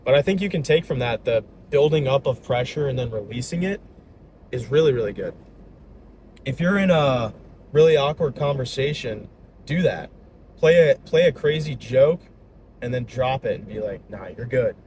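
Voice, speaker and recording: A man's voice: mid-range voice, expressive, moderate pace, darkish tone. A young man chatting casually in an upbeat, slangy, rambling way, talking straight to his viewers. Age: young adult. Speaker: vlogger and salesman. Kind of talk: casual vlog chat. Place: outdoors by a road. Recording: outdoor traffic noise.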